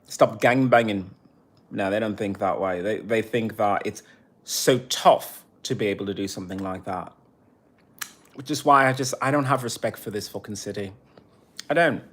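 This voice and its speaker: A man's voice: fairly low pitch, moderate pace, a bit bright. A man streaming live, ranting in a heated, profane way and turning sarcastic as he reads the chat. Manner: sarcastic when reading chat. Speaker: livestreamer. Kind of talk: angry livestream rant.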